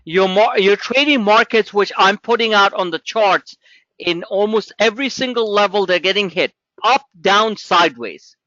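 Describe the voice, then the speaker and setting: A man's voice: high voice, bright, forceful tone, dry recording, dull audio. A man hosting a live trading webinar, rambling and joking informally, with many restarts and asides.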